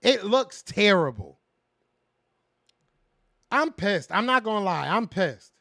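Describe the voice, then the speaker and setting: A man's voice: high-pitched, big pitch swings, takes it slowly, creaky, bright, forceful tone, no room sound, clean studio sound. A man hosting a casual fan podcast, ranting in frustration, repeating himself and answering viewers' chat. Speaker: podcast host reading live chat.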